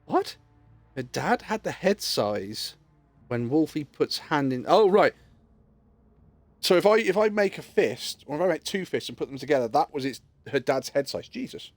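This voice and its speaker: A man's voice: a little high, animated, moderate pace, no echo. Guy streaming games, rambly and sweary, tells long stories, really dry close sound. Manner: rambling storyteller, swears freely, chuckles. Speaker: game streamer. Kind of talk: casual live-stream chat.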